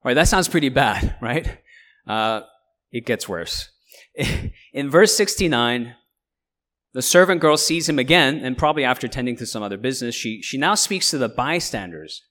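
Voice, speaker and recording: A man teaching through a Bible passage in a relaxed, conversational way, at an ordinary middle pitch. He paraphrases in lively asides and keeps checking in with his listeners. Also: moderate pace. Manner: conversational, checks in with frequent "right?".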